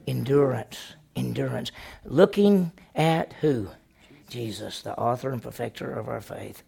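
A senior pastor speaks at medium pitch, a little slowly, in a creaky, warm, slightly rough voice. His church lesson is conversational and folksy, built on personal stories, and he asks the congregation questions only to answer them himself.

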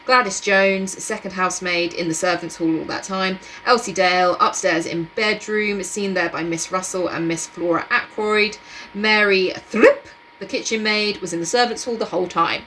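A woman's voice: medium pitch, normal speed, pushed and bright, a little hiss or hum, rough recording. A woman co-hosting a podcast, casually recapping a mystery novel and laughing often. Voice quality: laughs often, loose and giggly. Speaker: podcast co-host.

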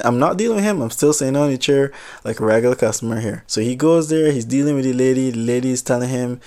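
Man, casual storytime monologue, chatty, animated asides, mid-pitched voice. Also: fast.

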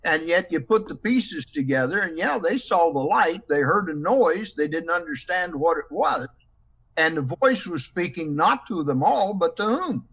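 A man's voice: a little high, lively intonation, normal speed, a bit bright, slightly rough. Man leading a Bible study panel. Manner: poses numbered questions, stresses words when quoting. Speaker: discussion moderator.

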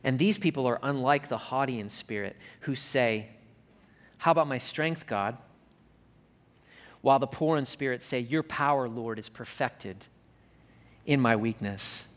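A man preaching a sermon as pastor, slowing down and dropping his voice when reading scripture and hymn lines, and rising in pitch and force as he builds to a climax.

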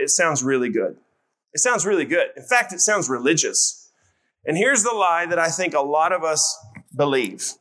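A man's voice: fairly high pitch, bright, forceful tone. A man preaching a sermon in a conversational, emphatic way, calling on his congregation to answer. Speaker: pastor.

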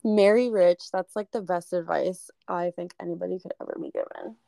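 A young woman with a gravelly, creaky voice co-hosts a chatty podcast over a remote call. Her sound is dry and close, with no room around it. She talks in an animated way and swears freely. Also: lowish voice, a little fast, no room sound. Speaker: podcast co-host. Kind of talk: casual chat.

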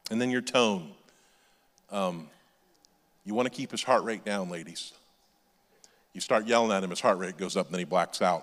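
A man's voice: on the low side, big-room sound. A male pastor preaching a sermon in a conversational way, with off-the-cuff asides and restarts.

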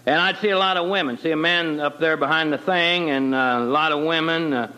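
Middle-aged guy telling his church story, folksy and plain, bright forceful voice. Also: fairly high pitch, brisk, poor audio. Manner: folksy, plain-spoken storyteller with colloquial grammar. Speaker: guest telling his testimony. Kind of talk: personal testimony storytelling.

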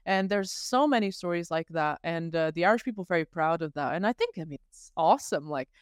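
A woman's voice: fairly low pitch, expressive, fast talker, clear, resonant tone, no room sound, studio quality. A woman talking as a guest on a podcast, chatty and rambling, laughing easily. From not Canadian, living abroad. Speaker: guest artist. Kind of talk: casual podcast conversation.

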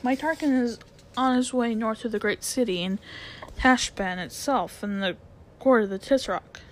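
A woman voicing a proud, bossy male talking war horse in a storybook read-aloud, brisk and commanding. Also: a little high, lightly acted. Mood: scheming.

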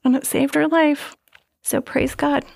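A middle-aged woman sharing an emotional personal faith testimony as a guest, swinging from loud exclamations to breathy whispers. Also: high-pitched, flat delivery, a little slow.

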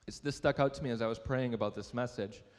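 In a church sanctuary with a big-room sound, a young pastor talks fast in a medium-pitched, steady voice. His sermon leans on a personal story told casually and self-deprecatingly, and he asks questions of those listening.

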